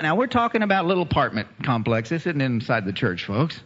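Speaking quickly at a medium pitch, a man delivers a sermon with a long reverb tail trailing his words. He tells a story with animation, voicing each of the people in it. It comes through as a dull, lo-fi recording.

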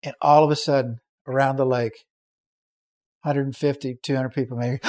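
A man preaching a sermon, telling a story with animated acted-out voices and shouts. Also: medium pitch, normal speed, pauses often.

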